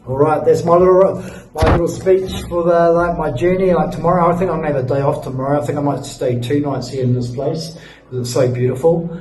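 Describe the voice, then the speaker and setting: A young man, worn out after a long day of riding, talks through his story in a loose, rambling way full of fillers and sighs. His tone is mellow. He sounds a little way off the mic in an echoey hotel room, with faint music behind him. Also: a little high, fairly even intonation, brisk, far from the mic. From New Zealand. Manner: laid-back, rambling, many fillers and sighs. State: tired after a long ride. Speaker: travel vlogger. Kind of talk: casual storytelling to camera.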